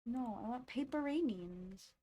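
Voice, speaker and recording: Woman streamer, high and lively voice, casual and giggly, greets chat one by one. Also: a little slow. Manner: bubbly, laughs often, greets chat by name.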